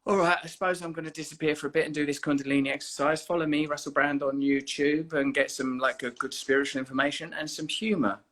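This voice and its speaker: A man's voice: fairly high pitch, steady tone, quick pace, few pauses, fairly bright tone. A man hosting a casual livestream from home, chatting in a rambling, playful way, speaking into a phone he holds himself. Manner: rambling, playful and earnest by turns. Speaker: livestream host. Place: indoors at home. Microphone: phone held at arm's length.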